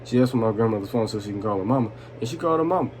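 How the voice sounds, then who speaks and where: A man's voice: fairly low pitch, lively intonation, very fast, darkish tone, slight background noise. A young man telling a drunk storytime, loose and profane, laughing and often asking "you know what I'm saying". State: tipsy from vodka.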